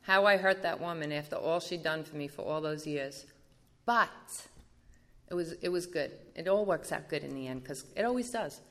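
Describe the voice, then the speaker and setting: A woman giving an animated personal recovery testimony at a meeting, acting out the dialogue as she goes. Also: low-pitched, normal speed.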